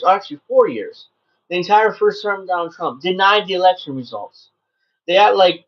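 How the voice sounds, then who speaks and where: A man's voice: high voice, lively intonation, fairly quick, muffled recording. A man hosting his own show, ranting bluntly and sarcastically, with plenty of swearing, about a podcast clip he plays. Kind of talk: casual solo commentary.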